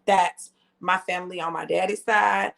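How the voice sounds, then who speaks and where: A woman in her fifties hosting a live stream, telling a family story in a chatty, animated way and talking straight to her viewers. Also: fairly low pitch, normal speed, vocal fry. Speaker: host.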